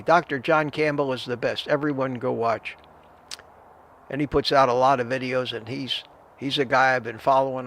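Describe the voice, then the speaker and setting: A man's voice: mid-range voice, vocal fry, fairly bright tone. An older man hosting a live stream, chatting casually, giving advice and greeting viewers by name. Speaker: livestream host answering viewer chat.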